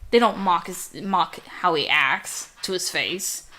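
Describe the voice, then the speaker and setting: A woman's voice: fairly low pitch, slow, pushed and bright, a little hiss or hum. A young adult woman with a youthful, girlish voice, chatting and ranting casually over gameplay, easily distracted and swearing now and then. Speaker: gameplay commentator.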